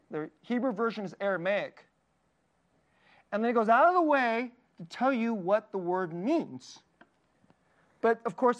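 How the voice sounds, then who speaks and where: A man preaching a sermon in an earnest, tender way, often laughing lightly and dropping his voice soft for quoted lines. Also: high voice. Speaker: pastor.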